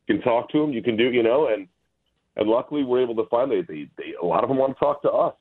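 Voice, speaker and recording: A man's voice: mid-range voice, very fast, slightly rough. A male guest on a phone interview, talking in a rambling, hesitant way with many restarts. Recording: tinny phone line.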